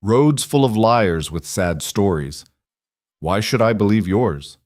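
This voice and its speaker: A man reading a story aloud, voicing a hard-eyed woman innkeeper who talks in a flat, curt, grudging way, close on a dry mic. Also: fairly low pitch, normal speed, no echo, close to an everyday voice.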